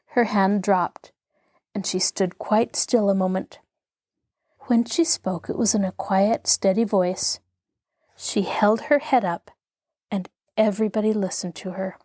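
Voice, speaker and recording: A woman reads a classic novel aloud as an audiobook host, measured and expressive. Her voice sits mid-range, recorded close and dry with no room sound. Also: medium pitch, no room sound. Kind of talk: scripted narration of a classic novel.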